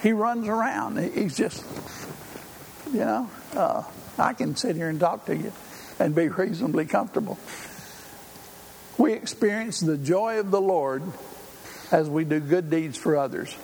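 A man's voice: sits high, measured pace, gravelly, pauses often, a little mellow. An older man preaching a sermon in a folksy, conversational way, with frequent fillers. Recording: hall reverb, faint room noise.

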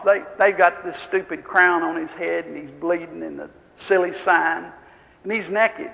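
A man preaching a sermon, telling a story quietly and then building to fervent, emphatic appeals. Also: sits high, creaky, big-room sound, muffled recording.

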